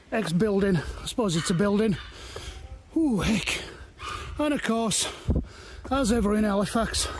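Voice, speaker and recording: Against background noise, a high-pitched man chats to the camera on a walk through hilly woods. This vlogger's casual narration wanders, he's quick to be impressed, and at times he gets slightly winded.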